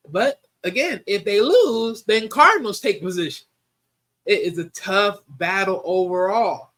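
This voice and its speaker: A young man with a high voice hosts a casual football prediction show. He talks emphatically and repeats lines for weight, and he often restarts his sentences as he goes. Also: a bit bright. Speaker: sports show host. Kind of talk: casual sports predictions talk.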